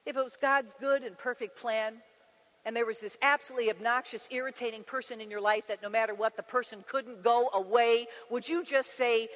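A woman teaching a women's Bible study, speaking in a conversational, animated way and acting out scripture scenes. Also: on the high side, fairly quick. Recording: long reverb of a large hall.

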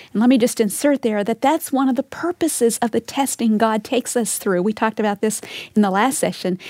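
A woman giving a recorded Bible teaching in an earnest, measured way, sometimes dropping to a soft whisper for emphasis. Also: fairly high pitch, no echo.

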